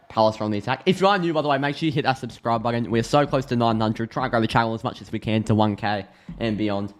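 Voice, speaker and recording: An Australian man streams a live football reaction, talking in a chatty, excitable way and thinking out loud. His voice sits in an ordinary middle pitch, and he often restarts his sentences. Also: fast, hardly any pauses.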